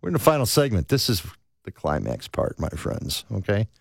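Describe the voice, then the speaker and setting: A man's voice: fairly low pitch, normal speed, creaky, husky, dry recording. A middle-aged man co-hosting a police talk radio show, joking and riffing in casual banter from a studio microphone. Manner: wisecracking, animated, playful asides.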